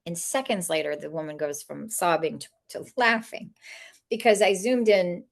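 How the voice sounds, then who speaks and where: A woman, an author and animal communicator, telling funny stories in a lively way, laughing often and acting out the voices of people she quotes. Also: on the low side, normal speed, vocal fry. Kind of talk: storytelling interview talk.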